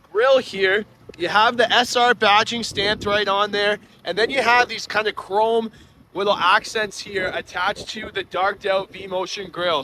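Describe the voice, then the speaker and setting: Man, higher voice, upbeat car review host, chatty, slight outdoor noise. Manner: upbeat, chatty, pointing out features. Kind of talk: casual walkaround product review. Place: outdoors beside a car, then inside it.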